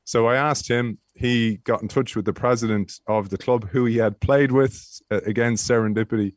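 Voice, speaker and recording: A man, a guest telling lively anecdotes in an interview, often restarting his sentences. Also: mid-range voice, normal speed, dry recording. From Ireland. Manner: animated storyteller with frequent restarts. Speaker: guest, former rugby player.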